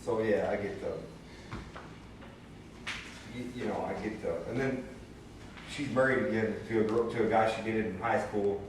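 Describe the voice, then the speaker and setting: A man candidly sharing his personal story in a group, blunt and a little halting. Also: fairly low pitch, steady tone. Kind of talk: personal testimony. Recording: echoey room from far off with hiss.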